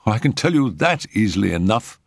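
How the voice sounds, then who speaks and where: A man's voice: lowish voice, big pitch swings, a little fast, gravelly, no room sound, clean studio sound, pitched above the performer's own voice, full character voice. A man voicing an agitated, earnest young man who fears he is losing his mind, in a storybook reading. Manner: tense, pleading, insistent. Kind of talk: audiobook character reading.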